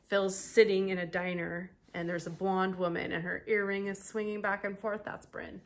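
A woman hosting a podcast tells a true-crime story in a loose, chatty way. She keeps breaking off into asides and laughs. Her voice sits at a middle pitch. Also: little pitch movement, normal speed. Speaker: podcast host.

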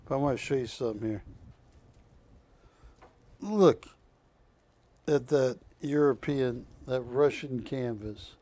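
A man's voice: medium pitch, slow, long pauses, warm tone. A man hosting a live shopping-channel art auction, calling bids with joking, teasing banter from a TV studio.

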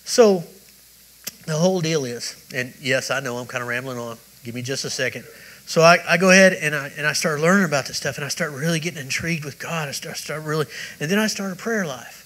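A male preacher with a fairly bright voice on the high side talks fairly quickly in a rough recording. At a church service his sermon wanders conversationally, mixing personal testimony into the storytelling, with frequent restarts.

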